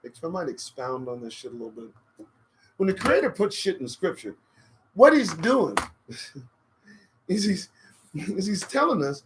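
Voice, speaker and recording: A man's voice: high-pitched, very animated, measured pace, long pauses, slight background noise, poor audio. A man hosting a live-stream talk show, rambling in a profane, preachy and emphatic way into a desk condenser microphone. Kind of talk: casual live-stream monologue.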